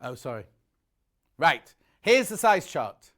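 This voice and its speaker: A man presenting on a shopping channel, talking in a rapid, chatty sales patter that often corrects itself, a bit out of breath, recorded on a lapel mic in a TV studio. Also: on the high side, very animated, fairly bright tone. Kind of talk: live TV sales pitch.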